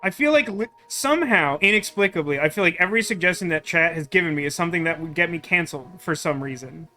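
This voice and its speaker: A man's voice: a little high, animated, quick pace, pushed and bright, faint music behind. A man streaming a game, chatting with viewers in a rambling, self-deprecating way. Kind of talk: casual game commentary.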